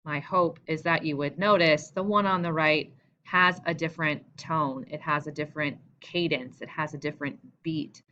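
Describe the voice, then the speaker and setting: A woman's voice: deep voice, fairly even intonation, moderate pace, sharp tone, lo-fi sound. A woman English teacher giving a recorded lesson, explaining patiently and asking guiding questions.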